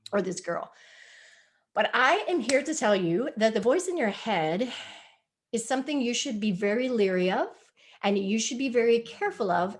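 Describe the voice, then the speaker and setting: A woman presenting a spiritual health talk over a video call, earnest and coaxing, repeating her points. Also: a little high. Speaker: wellness presenter. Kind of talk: live online presentation.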